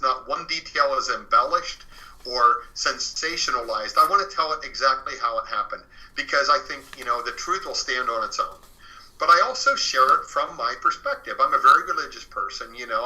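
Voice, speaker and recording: A man's voice: mid-range voice, expressive, fairly quick, sharp tone, low-quality recording. A man talking as an author and interview guest, telling his story in earnest, with many fillers and restarts.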